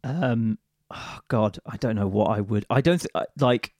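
A man's voice: lowish voice, expressive, normal speed, a little mellow, no echo, studio quality. A man playing a tabletop game, chatting casually and thinking aloud hesitantly, with lots of fillers. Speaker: player.

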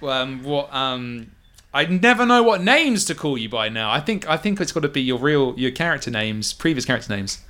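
A man narrating a tabletop game as game master in a chatty, lively way. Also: medium pitch, normal speed.

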